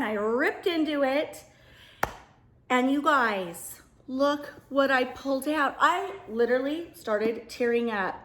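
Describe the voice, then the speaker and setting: A woman's voice: sits high, roomy sound. A middle-aged woman vlogging casually to her viewers, gushing and emotional, often calling them "you guys.". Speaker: home decor vlogger. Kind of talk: casual chat to camera.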